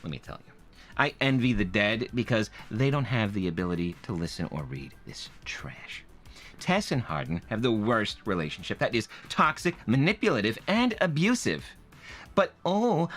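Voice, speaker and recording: A man's voice: medium pitch, sing-song, moderate pace, a bit bright, faint music behind. A man voicing a sassy, fed-up woman book reviewer as a comedic dramatic reading, theatrical and exasperated. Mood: mock grave.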